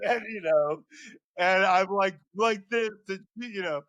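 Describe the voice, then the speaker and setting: Middle-aged guy spinning a story on a podcast, gets loud and high when hyped, dry close sound. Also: slow, no echo, highs cut off. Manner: excitable, voice climbs high when reliving moments. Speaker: guest, sports journalist. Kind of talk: animated storytelling.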